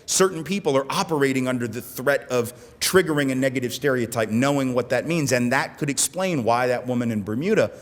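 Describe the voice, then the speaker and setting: American man, keynote speaker, animated, gestures as he talks, keeps asking "right?", middle pitch, long hall reverb. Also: brisk, hardly any pauses. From United States. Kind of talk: conference keynote lecture. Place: conference hall in front of an audience.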